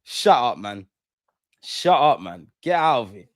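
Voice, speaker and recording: A man's voice: mid-range voice, very animated, unhurried, no room sound, studio quality. A young man hosting a live fan stream, ranting heatedly and repeating lines for emphasis. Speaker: fan channel host.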